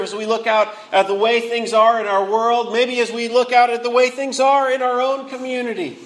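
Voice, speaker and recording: A man preaching a sermon, earnestly rising to anguished cries and then dropping low and quiet. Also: low-quality recording. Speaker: pastor.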